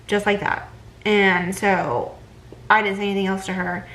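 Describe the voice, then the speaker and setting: A woman's voice: medium pitch, fairly even intonation, takes it slowly, sharp tone, poor audio. A young pregnant woman, chatting casually in a vlog and retelling a bad appointment with lots of fillers. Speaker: vlogger.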